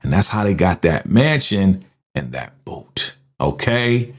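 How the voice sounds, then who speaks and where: Man, lowish voice, casual movie recap host, animated storyteller, keeps checking in with the listener. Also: slow. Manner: animated storytelling, frequent "right?" tag questions.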